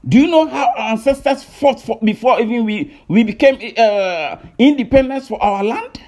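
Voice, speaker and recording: A Ghanaian man with a Ghanaian English accent angrily rants in a video as an online commentator, making accusations and repeating himself with lots of hesitation. His voice is very high-pitched, animated, and darkish in tone, at normal speed.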